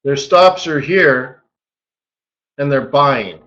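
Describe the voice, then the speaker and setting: A man hosting a live trading webinar, walking through charts in an animated, joking way with lots of rhetorical questions. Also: mid-range voice, extremely slow, highs cut off. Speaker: forex market strategist hosting a daily webinar.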